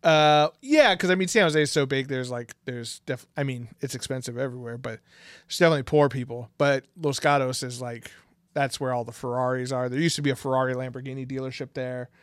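This podcast co-host has a medium-pitched, clean voice and talks briskly, recorded in a clean studio without echo. The casual chat rambles, packed with fillers and frequent laughter.

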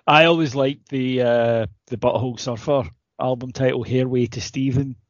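A man's voice: medium pitch, steady tone, normal speed, no room sound. Male podcast co-host, rambling and sweary, dry slightly dull recording. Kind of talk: casual chat.

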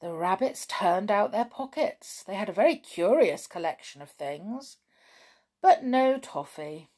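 Woman reading storybook aloud, lively pitch, unhurried, expressive. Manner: expressive, chatty asides. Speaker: storybook reader. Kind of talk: reading a children's book aloud.

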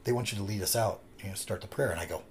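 A man's voice: fairly low pitch, very fast. A man co-hosting a podcast, telling a rambling personal story in casual chat and swearing freely as he goes. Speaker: podcast co-host.

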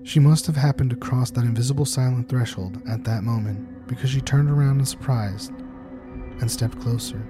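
Brief: male horror narrator, measured and tense, mid-pitched voice, music bed behind. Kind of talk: scripted horror story narration.

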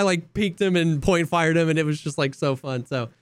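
A young man co-hosting a podcast, telling stories in a lively, animated way and acting out quotes. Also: on the high side, a little fast, clear, resonant tone, no room sound. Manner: animated storyteller, acts out quotes. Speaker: podcast co-host. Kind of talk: casual chat.

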